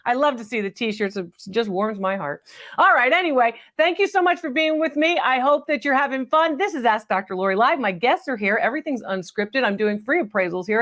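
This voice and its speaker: High-voiced chatty woman hosting a live show. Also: fairly bright tone. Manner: chatty, effusive, laughs often. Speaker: antiques appraiser hosting a live call-in show. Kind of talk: live unscripted call-in chat.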